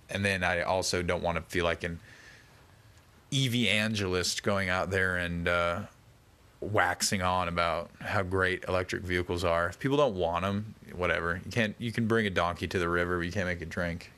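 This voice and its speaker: A man with a fairly low voice talks to his viewers in a loose late-night monologue from home. He drifts from one tangent to the next and slips into mocking imitations of what other people said. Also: bright, forceful tone. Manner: rambling, tangent-prone, mock-quotes people. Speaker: vlogger.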